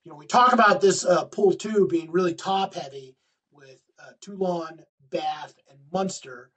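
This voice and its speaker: A man's voice: high voice, a little slow, a bit bright, distant mic, poor audio. A man co-hosting a rugby podcast, running through match previews in casual chat with plenty of fillers. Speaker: podcast co-host.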